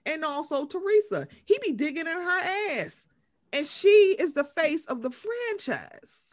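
A woman's voice: high voice, unhurried. A woman chatting casually and emphatically, acting out quotes with slang. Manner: emphatic, animated, acts out quotes, Southern US slang. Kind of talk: casual chat about reality TV.

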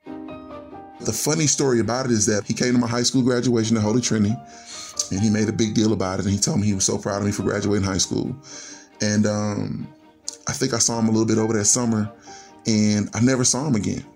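A man's voice: on the low side, level tone, quick pace, a little mellow, soft background music. A middle-aged man from Chicago telling a personal story in an earnest, conversational way, often linking thoughts with "and so". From Chicago, USA. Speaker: storyteller guest.

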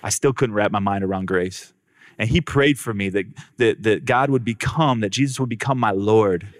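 Telling his personal story to an audience, a man speaks right to the crowd and performs the dialogue with theatrical flair. His pitch is fairly low and his pace moderate, with no room sound.

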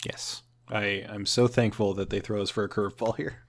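A man's voice: on the low side, steady tone, normal speed. A man co-hosting a podcast, chatting casually and mostly giving short, agreeable replies. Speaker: podcast co-host.

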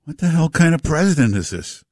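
A man hosting a talk radio show, joking and mocking in a casual, lively way. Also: a little high, fairly quick, dry recording. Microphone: studio mic.

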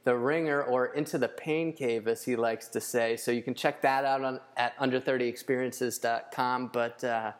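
A man's voice: mid-range voice, steady tone, moderate pace, few pauses. A man hosting a podcast in casual chat, loose and profane with plenty of fillers. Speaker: podcast host.

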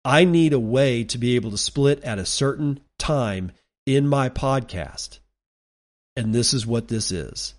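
A man's voice: medium pitch, unhurried. A man hosting a solo podcast, reading an article aloud and then explaining it in loose, casual asides with restarts. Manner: restarts and stumbles when speaking off the cuff. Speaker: podcast host.

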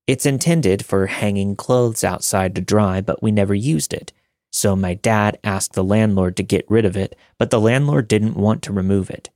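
Man, lowish voice, dry close sound; steady measured narrator for scary story readings. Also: dry recording. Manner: steady, measured reading of first-person accounts. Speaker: narrator of listener-submitted scary stories. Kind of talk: scripted horror story narration.

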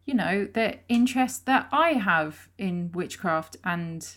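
A woman co-hosting a podcast, chatting casually about a film, laid-back and quick to laugh. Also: medium pitch, animated, fairly bright tone. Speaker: podcast co-host.

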